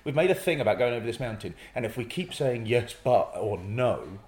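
A man talking casually as a guest about improv comedy, switching into quick acted-out bits of dialogue as he explains. His voice sits at a middling pitch and carries a noticeable echo from the room. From North East England. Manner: animated storyteller acting out little scenes. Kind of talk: casual interview chat. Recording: echoey room.

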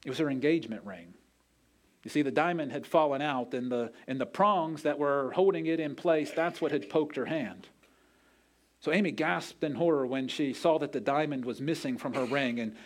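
A man's voice: fairly high pitch, a little fast, slight background noise. A man preaching a sermon, telling a story in an earnest way and acting out the quoted voices. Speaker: pastor.

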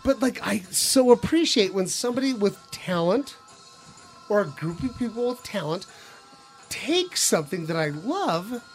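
A woman co-hosting a casual geek chat, excitable and quick to laugh, swearing freely as she gushes. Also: mid-range voice, soft background music. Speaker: podcast co-host.

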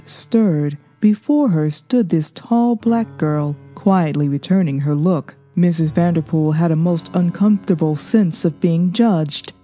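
Mellow-voiced woman reading a novel aloud. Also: low voice. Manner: steady, even, measured storytelling. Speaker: audiobook narrator. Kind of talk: scripted narration.

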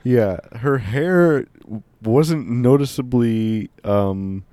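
A man's voice: mid-range voice, extremely slow, dark tone, no echo. A man casually chatting on a podcast, rambling with lots of fillers. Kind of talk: casual chat.

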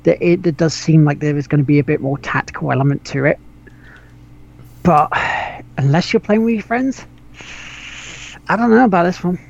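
A man's voice: fairly high pitch, normal speed, creaky, long pauses, a little mellow. A man hosting a casual gaming podcast, rambling with restarts, laughing and swearing casually. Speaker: podcast host. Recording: dull lo-fi audio.

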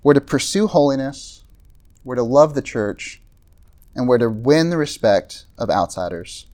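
A pastor gives an evening sermon to a campus group, speaking conversationally with lots of asides and fillers, especially "right?" and "like." His mid-range voice is expressive, mellow, and a little slow.

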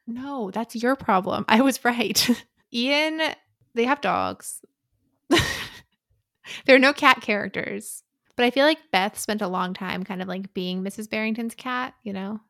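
A woman's voice: a little high, a little slow, gravelly, fairly bright tone, dry recording, clean studio sound. A woman co-hosting a casual book podcast, retelling scenes by quoting the characters, with many "like" fillers. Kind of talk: casual chat recapping a book.

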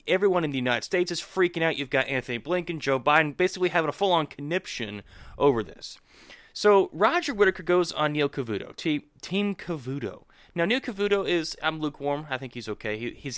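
Recorded at studio quality with no room sound, this man's voice sits fairly high. Co-hosting a podcast, he gives casual political talk that grows animated and rises to incredulous outbursts.

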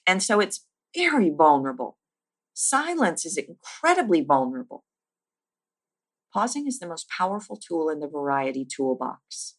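Low-voiced woman voice coach, emphatic. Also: sing-song. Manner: emphatic, builds lists with rising force; deliberate pauses, slows for key points. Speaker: voice and speaking coach. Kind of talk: teaching monologue.

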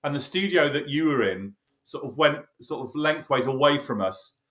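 A man with a slightly high voice recalls a recording session in casual chat. He slips into quoted voices and laughs through the tale. The sound is roomy and echoey. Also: normal speed. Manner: lively storyteller, acts out quoted dialogue, laughs often. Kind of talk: casual anecdote.

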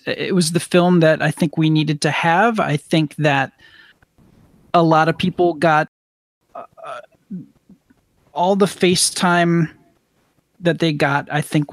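A man co-hosting a casual podcast roundtable, relaxed and hesitant, filling pauses with um and you know. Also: fairly high pitch, dry recording. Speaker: podcast co-host.

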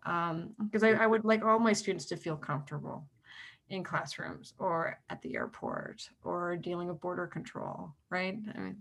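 Middle-aged American woman historian, earnest and halting. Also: fairly low pitch, vocal fry. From United States. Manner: hesitant restarts, laughs, earnest. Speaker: historian guest. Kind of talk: casual interview chat.

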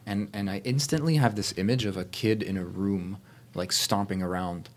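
A man's voice: lowish voice, moderate pace. A man in casual conversation, speaking reflectively and searching for words. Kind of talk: casual chat.

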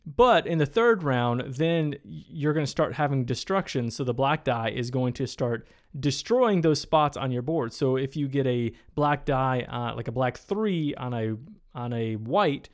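A man's voice: mid-range voice, measured pace. Easygoing man explaining game rules. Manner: relaxed, explains rules plainly, laughs easily. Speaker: board game podcast co-host. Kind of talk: casual chat. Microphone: studio microphone.

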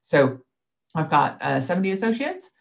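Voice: mid-range voice, very animated, normal speed, gravelly, lo-fi sound. A guest in a casual conversation, telling a work story in a rambling way with many fillers. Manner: rambling, lots of fillers, laughs easily. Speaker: guest, sales director.

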